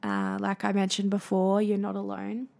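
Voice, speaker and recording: A woman's voice: medium pitch, monotone, moderate pace, creaky, darkish tone. A young adult woman hosting a solo podcast, earnest and encouraging, with frequent fillers. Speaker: podcast host.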